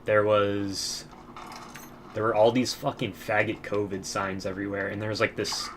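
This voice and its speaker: A man's voice: lowish voice, level tone, moderate pace, noisy background. A young man giving casual gameplay commentary, telling rambling stories in a crude, profane way and often laughing.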